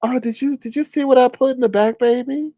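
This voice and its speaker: A man putting on the voice of a flirty woman cooing at a man, in a teasing, drawn-out way. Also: very high-pitched, steady tone, mellow, no room sound, pitched above the performer's own voice.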